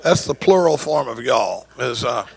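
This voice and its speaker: Gravelly man in his sixties. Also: mid-range voice, unhurried. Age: 60s. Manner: storytelling, joking, animated asides to the audience. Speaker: recovery meeting speaker. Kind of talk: folksy recovery talk.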